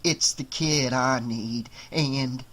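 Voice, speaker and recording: A man voicing a sneering, menacing killer doll in an audiobook, with slow, snarling threats. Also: medium pitch, fairly bright tone.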